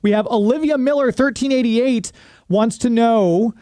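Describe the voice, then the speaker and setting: A man's voice: very high voice, moderate pace, dark tone, no echo, clean studio sound. A man hosting a radio interview show, asking questions in a conversational, easygoing way.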